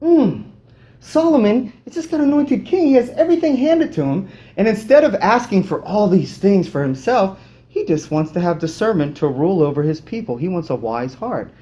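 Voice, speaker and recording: A man preaching a sermon in a lively, conversational way, often lifting his voice suddenly. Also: normal speed. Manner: animated, conversational preaching with sudden pitch lifts. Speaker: pastor.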